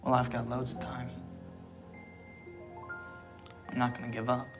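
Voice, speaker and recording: A man's voice: medium pitch, monotone, fast, music in the background, natural voice. An actor playing a blunt, confident young man in a film; he can turn threatening. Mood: earnest. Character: brash young man, friend turned rival. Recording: film soundtrack with background noise.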